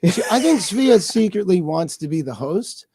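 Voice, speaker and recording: A man hosting a casual chat, lively and teasing, asking quick questions. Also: high voice, husky, no room sound. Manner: lively, teasing, laughs often. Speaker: host.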